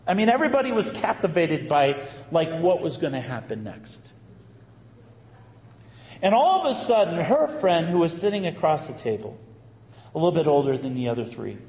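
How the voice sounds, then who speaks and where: A man, a Catholic priest, telling a story in a sermon with a lively, conversational manner and emphatic bursts. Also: fairly high pitch, normal speed. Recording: echoey hall, faint ambience.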